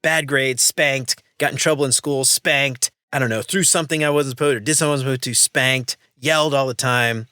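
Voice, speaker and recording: A man's voice: medium pitch, steady tone, brisk, hardly any pauses, bright, forceful tone, smooth, no echo, clean studio sound. A man in his thirties hosting a podcast in casual, joking chat, laughing often. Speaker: podcast host.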